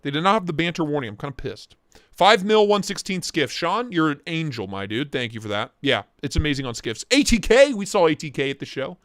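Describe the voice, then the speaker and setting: A young man hosting a casual knife livestream from his home office, excitable and joking as he reacts to chat. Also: a little high, fairly quick, no echo, clean studio sound. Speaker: livestream host reviewing knives. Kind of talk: casual live-stream chat.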